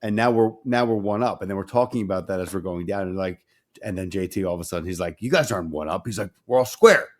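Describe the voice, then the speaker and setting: Speaking fast in a low-pitched voice, this man co-hosts a laid-back podcast. His story comes out animated and profane, with the conversations performed as he goes.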